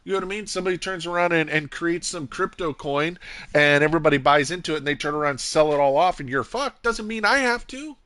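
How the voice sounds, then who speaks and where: A man's voice: a little high, fairly even intonation, quick pace, fairly bright tone, dry recording. A man streaming live and chatting casually about gaming, talking in a rambling way and acting out quotes in other voices.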